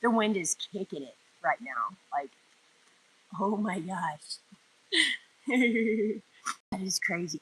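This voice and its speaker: A chatty woman gives a relaxed tarot reading outside on a windy day. Her voice is bright and clear, and her pitch sits in the middle range. She rambles warmly from thought to thought and laughs easily. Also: measured pace, pauses often, rough recording. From North Georgia, US. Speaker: tarot reader. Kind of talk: casual live tarot reading. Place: outdoors in the wind.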